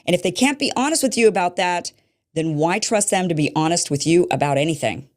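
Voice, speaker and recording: A woman's voice: lowish voice, animated, a little fast. A woman hosting a show, giving political commentary in a pointed, rhetorical manner. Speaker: show host.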